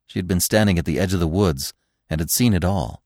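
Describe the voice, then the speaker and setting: Low-voiced male storybook reader. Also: brisk, no echo, studio quality. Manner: expressive storytelling. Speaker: podcast host and reader. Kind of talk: audiobook narration.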